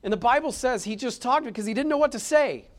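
Man, pastor, high voice, preaching from soft to forceful. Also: animated, quick pace. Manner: dynamic preaching, swings from hushed to loud and emphatic. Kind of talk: sermon. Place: church.

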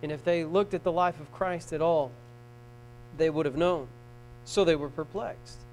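A man preaching a sermon in a church, reading scripture aloud and swinging from soft, slow passages to loud shouting. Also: a little high, low-quality recording. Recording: mains hum. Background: hum.

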